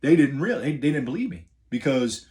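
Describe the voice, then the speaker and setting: A man's voice: medium pitch, very animated, brisk, a little mellow. A middle-aged man from the New Orleans area with a New Orleans accent, a wrestler telling a story in a laid-back, rambling way with many fillers. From New Orleans area, USA. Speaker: professional wrestler. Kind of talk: casual storytelling.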